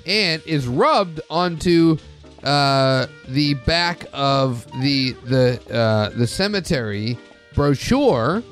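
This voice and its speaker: Male podcast host, casual and rambling, curses a lot, restarts his sentences, soft music in the background. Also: medium pitch, lively intonation, drawn-out words. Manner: rambling, swears freely, frequent restarts. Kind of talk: casual chat.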